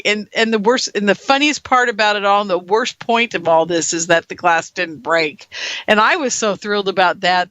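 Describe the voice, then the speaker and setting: A woman hosting a radio show, talking straight to her listeners and spinning a personal story in a loose, chatty way. Her voice is bright and forward, and she acts out what others said with sudden leaps in pitch. The sound is close and dry, with no room around it. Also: no room sound. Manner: animated, acts out others' lines with big pitch jumps. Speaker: radio host. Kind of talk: casual storytelling monologue to listeners.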